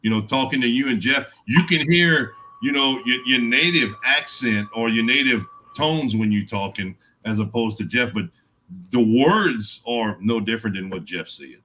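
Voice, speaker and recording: Man, casual chat, talkative, explaining, bright tense tone, faint background ambience. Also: mid-range voice, normal speed, slight background noise, low-quality recording. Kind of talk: casual live-stream chat.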